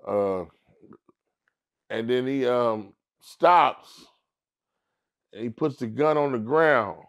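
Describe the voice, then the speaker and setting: A man's voice: vocal fry, dull audio. A middle-aged man, a comedian, telling a story casually in an interview and acting out the other people in it. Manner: animated storyteller who acts out others in high squeaky voices. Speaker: comedian guest.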